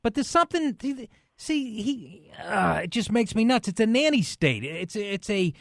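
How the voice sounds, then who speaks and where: A brash male radio co-host with a high, lively voice that swings up and down as he rants and jokes. His sound is close and dry, right on the studio mic. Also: normal speed, gravelly, no room sound. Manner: brash, opinionated, jokey. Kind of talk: late-night sports radio banter.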